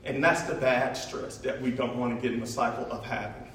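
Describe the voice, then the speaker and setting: A man's voice: mid-range voice, steady tone, brisk, fairly bright tone. A man giving a casual, chatty talk with slides, using plenty of fillers and laughing often. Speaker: presenter. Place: large echoey room. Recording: echoey room from far off, faint noise.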